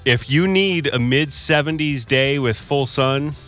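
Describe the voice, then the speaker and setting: A man's voice: medium pitch, measured pace, fairly bright tone, soft background music. A man co-hosting a local radio show, joking wryly and laughing often. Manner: playful, laughs often, wry. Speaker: radio co-host. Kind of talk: casual radio banter.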